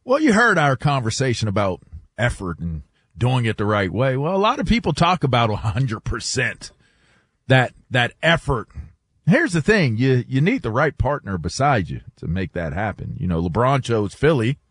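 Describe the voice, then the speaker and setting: A man's voice: medium pitch, sing-song, moderate pace, a bit bright, breathy edge, no echo, studio quality. A man co-hosting sports radio, reading a truck ad live in a folksy, emphatic way. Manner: folksy, emphatic, repeats "that's right".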